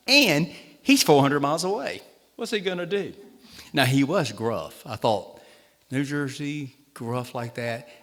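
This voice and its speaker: A man's voice: mid-range voice, fairly bright tone. A man with a Southern accent, a state treasurer, telling humorous, self-deprecating stories at a town hall meeting. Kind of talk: storytelling speech at a town hall. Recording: long reverb in a hall.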